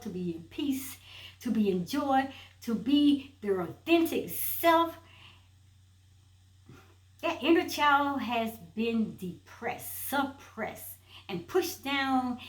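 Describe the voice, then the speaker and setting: In a reverberant, poor-quality recording, a woman with a slightly high voice gives a motivational sermon-like talk. She is emphatic, an inspirational speaker who keeps repeating rhetorical questions on her way to a point.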